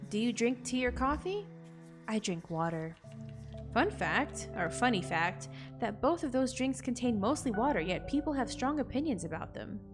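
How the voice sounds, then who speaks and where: A young adult woman playing a game on camera, reading its text aloud and reacting in an expressive, jokey way, with bursts of loud disbelief. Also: on the high side, moderate pace, hardly any pauses, over music. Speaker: gaming content creator.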